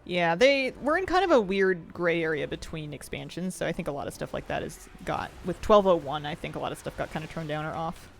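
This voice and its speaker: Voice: medium pitch, animated, fairly quick, gravelly, hardly any pauses, slight background noise. A game streamer chatting casually while playing, reading viewer questions aloud and laughing often. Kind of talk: casual chat while gaming, answering chat. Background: faint game music.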